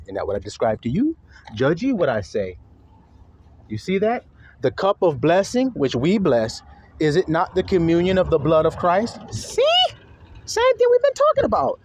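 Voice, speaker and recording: A man preaching a fiery sermon, reading scripture slowly and dropping into low, profane asides between high, mocking impressions. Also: darkish tone, a little hiss or hum. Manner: reads scripture slowly and deliberately.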